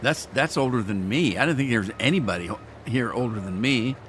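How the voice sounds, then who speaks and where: Male gaming streamer, folksy and rambling, scratchy throat he keeps clearing, casual live chat. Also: medium pitch, expressive, brisk, a bit bright. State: throat irritated, clearing throat often. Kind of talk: casual chat to live viewers while playing.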